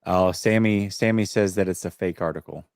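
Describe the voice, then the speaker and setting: A man's voice: low-pitched, normal speed, darkish tone, dry recording, studio quality. A man co-hosting a casual sports talk show, chiming in with short amused remarks.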